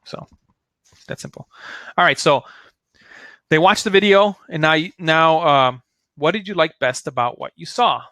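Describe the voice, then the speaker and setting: A man's voice: a little high, moderate pace, pauses often, bright, forceful tone, no echo. A man giving a casual sales training talk, chatty and full of fillers, acting out sample phone lines. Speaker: network marketing trainer.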